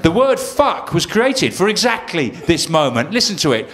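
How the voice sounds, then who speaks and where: A man doing a live stand-up routine on a comedy stage, with deadpan asides between acted rants. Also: sits high, moderate pace, hardly any pauses. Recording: live album with loud crowd laughter and noise.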